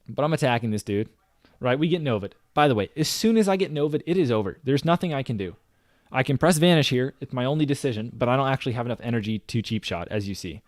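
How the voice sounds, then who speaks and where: A man chats through replays of his own gameplay, excitable and talkative, constantly turning to his audience. His voice sits at a middling pitch for a man. It is recorded close and dry, with no room sound. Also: no room sound. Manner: chatty, excitable, addresses viewers as guys. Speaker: gaming streamer reviewing his own clips. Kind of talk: casual game commentary to viewers.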